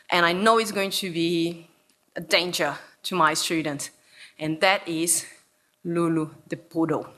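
Bright-voiced Brazilian woman telling stories. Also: medium pitch. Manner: animated, playful, acts out voices. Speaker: researcher and speaker. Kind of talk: storytelling talk to an audience.

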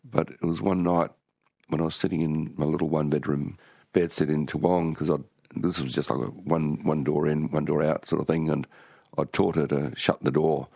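A man's voice: very deep voice, fairly even intonation, normal speed, gravelly, mellow, no room sound, clean studio sound. An older Australian man, an author being interviewed, telling stories in a rambling way with many restarts. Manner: rambling, with frequent restarts and storytelling. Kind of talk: relaxed conversational interview.

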